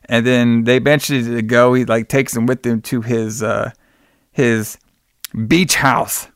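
Man, podcast host, smooth voice, dry recording, casual storytelling. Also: mid-range voice, normal speed, a bit bright, no room sound. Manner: loose retelling, acts out quotes in plain voice, calls cohost brother. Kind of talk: casual movie recap chat.

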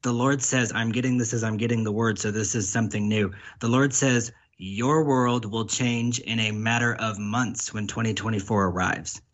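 A man's voice: lowish voice, fairly even intonation, moderate pace, few pauses, a bit bright. A man acting as a prophet, delivering prophetic words in an earnest, repetitive way and often speaking as God in the first person.

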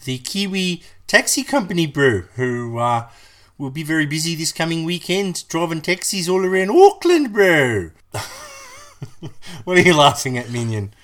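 A man hosting a jokey comedy podcast, excitable and laughing often. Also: on the high side, moderate pace. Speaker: podcast host.

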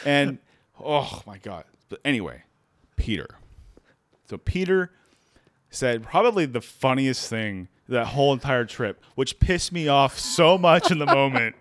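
A man's voice: medium pitch, measured pace, no room sound. A man telling a story in casual chat from a makeshift home studio. He laughs often, restarts his sentences and jumps into quoted voices. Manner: animated, laughs a lot, many restarts.

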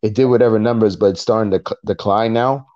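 A man co-hosting a podcast in casual chat, retelling events in an animated way and acting out what people said. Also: on the low side, fast talker. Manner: animated storytelling, acting out quotes. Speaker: podcast co-host. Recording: dull lo-fi recording.

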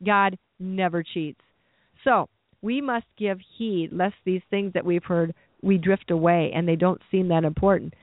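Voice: medium pitch, fairly even intonation, measured pace, no room sound. A preacher giving an earnest sermon, often repeating and restarting phrases as the thought builds. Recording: tinny phone-like dry recording.

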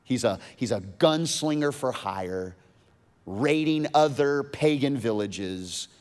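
A man's voice: medium pitch, takes it slowly, big-room sound. Man preaching in a casual storytelling way. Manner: casual, animated storytelling with modern asides. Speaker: pastor. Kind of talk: sermon retelling a story.

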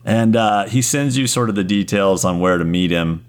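A man's voice: lowish voice, moderate pace. A man narrating as game master in a casual way with laughing asides.

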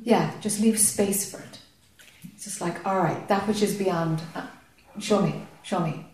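Calm spiritual teacher, echoey hall. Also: female voice, lowish voice, distant mic, a little hiss or hum. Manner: calm, slow, encouraging. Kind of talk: satsang dialogue.

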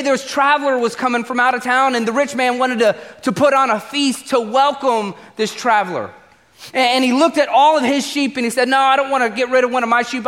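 A man preaching a sermon as pastor, telling stories in an animated, conversational way and acting out the voices. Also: high-pitched, in a large hall. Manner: animated storyteller, acts out voices, conversational asides.

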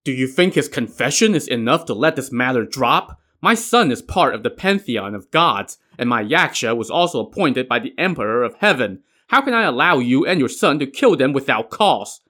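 An imperious, vengeful dragon king, as a man reads him makes indignant demands. The voice stays at an ordinary middle pitch. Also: big pitch swings, moderate pace, hardly any pauses, sharp tone. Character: wrathful male dragon king, proud and vengeful.

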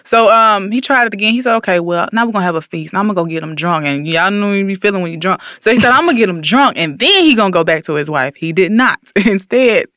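A man casually retelling a story on a talk show, slangy and animated, acting out the quotes. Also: sits high, quick pace, few pauses, dry recording, studio quality. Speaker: podcast co-host.

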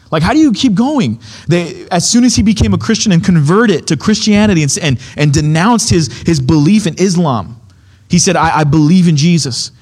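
With a high-pitched, darkish voice, this young adult pastor delivers a sermon, narrating a story in a relaxed way and performing the different people's voices himself.

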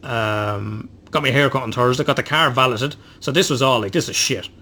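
A man's voice: mid-range voice, moderate pace, pushed and bright, slight background noise. A man, co-hosting a podcast and telling a long rambling story, swearing constantly and poking fun at himself. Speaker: podcast co-host. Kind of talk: casual chat.

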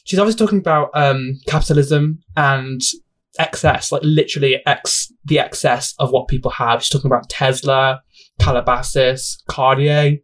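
A young man talks alone on his podcast in an easy, chatty way. He gushes, laughs at himself, drifts off topic and keeps apologizing, in a voice of ordinary pitch. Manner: gushing, self-deprecating, sidetracks and apologizes often. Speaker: podcast host. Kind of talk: casual solo podcast chat.

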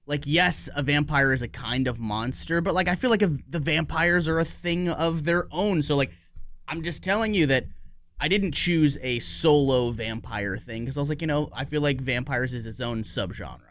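A man's voice: a little high, normal speed, fairly bright tone. A man in his forties co-hosting a podcast, chatting casually in a rambling, profane way and laughing easily. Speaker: podcast co-host. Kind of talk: casual chat.

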